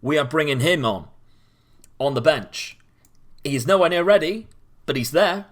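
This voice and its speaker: A young man, casually commenting as he plays a football management game, chatty and given to sudden loud cheering. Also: fairly high pitch, animated, measured pace. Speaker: gaming commentator.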